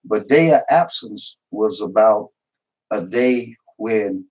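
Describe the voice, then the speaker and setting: Unhurried older man telling stories. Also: on the low side, lively intonation, darkish tone, rough recording. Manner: storytelling, unhurried, repeats words. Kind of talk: casual discussion.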